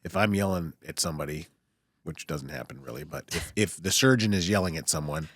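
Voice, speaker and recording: A man with a low voice speaks as a surgeon in relaxed podcast conversation. He sounds calm and reflective, circling back to rephrase his points. The sound is dry and close, with no room echo. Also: brisk, vocal fry, slightly rough. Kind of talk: casual podcast chat.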